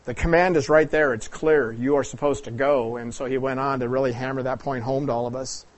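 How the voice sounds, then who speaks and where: A man from the Pacific Northwest of the United States preaching a sermon, talking it through like a teacher, asking the audience questions and often clearing his throat. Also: mid-range voice, steady tone, fairly quick, few pauses.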